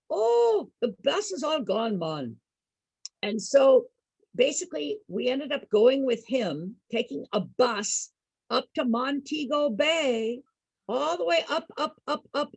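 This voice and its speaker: A woman entertaining program participants with an animated personal story, laughing often and asking her listeners questions. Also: fairly high pitch, a little slow, husky, no room sound, rough recording.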